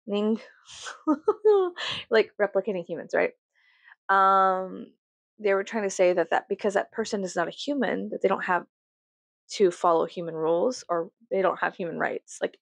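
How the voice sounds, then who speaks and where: A woman's voice: creaky, dry recording. A woman venting in a casual, profane, rambling rant to her viewers. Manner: profane, rambling, self-mocking; swings between low musing and loud high exclamations. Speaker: vlogger.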